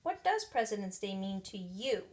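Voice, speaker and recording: A woman reading aloud and voicing a calm, encouraging mother. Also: medium pitch, moderate pace.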